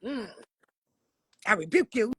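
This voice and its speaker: A man from Michigan with a raspy voice hosts a casual livestream, answering viewers' questions bluntly with frequent swearing and laughter. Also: sits high, lively intonation, slow, fairly bright tone, no room sound. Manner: blunt, profane, laughs often. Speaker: livestream host.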